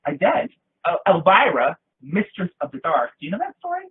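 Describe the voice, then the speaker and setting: A man guest in an interview, telling animated, theatrical stories in a casual chat. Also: high-pitched, a little fast, slightly rough. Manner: lively, theatrical storyteller with bursts of laughter. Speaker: guest, actor. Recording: tinny lo-fi line.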